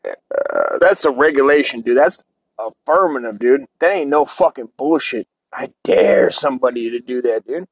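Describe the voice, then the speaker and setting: A man's voice: medium pitch, wildly swooping pitch, normal speed, gravelly, breathy edge, no echo, rough recording. A man hosting a show, delivering a crude, rambling comedic rant full of swearing. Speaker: show host.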